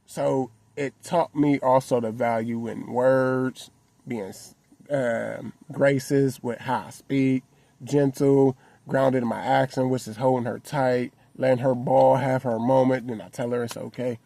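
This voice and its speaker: Sitting in a parked car, a vlogger talks to camera in an unhurried, level voice that is medium-pitched, creaky and dark, with no room sound. His reflective personal talk is earnest and heartfelt, casual and conversational, peppered with "you know what I'm saying."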